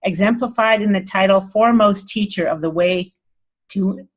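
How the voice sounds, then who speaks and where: A woman's voice: medium pitch, moderate pace. A woman hosting an online group call, talking casually and reading aloud, emotional and laughing often. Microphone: video call.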